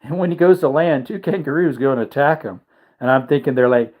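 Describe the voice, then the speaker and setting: A man with a slightly high, slightly mellow voice talks fairly quickly while hosting a casual livestream. He's tired and yawning, rambling, chuckling and musing aloud as he reads chat comments.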